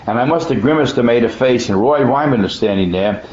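A man's voice: medium pitch, a little fast, a little mellow. A man telling a personal testimony in plainspoken, folksy speech, earnest and emphatic, often restarting his words. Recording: dull echoey room recording.

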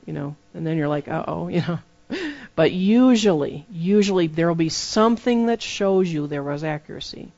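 A preacher giving a sermon full of personal testimony, telling the stories lively and acting out the dialogue. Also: medium pitch, muffled recording. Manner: lively storytelling that acts out dialogue.

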